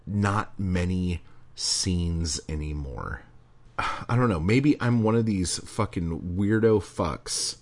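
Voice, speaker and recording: A middle-aged man hosting a podcast, delivering an angry, profane rant that swings from low muttering to shouting. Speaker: podcast host. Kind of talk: profane ranting monologue.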